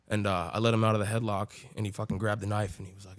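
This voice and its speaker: A man with a deep, gravelly voice tells his own story as a podcast guest. He talks loosely, swears freely and leans on filler words. The sound is close and dry. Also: rapid-fire, hardly any pauses, a little mellow, dry recording. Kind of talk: casual storytelling.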